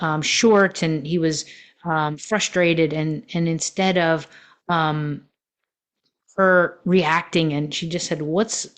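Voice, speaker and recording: A woman's voice: sits low, smooth. A woman coaching on relationships in a podcast monologue, telling personal stories in a reflective way with many fillers.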